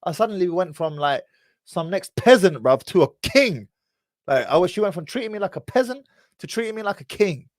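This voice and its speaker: A man's voice: sits high, sing-song, moderate pace, no echo. A British man hosting a casual livestream and telling loose, rambling stories in street slang. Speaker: livestream host.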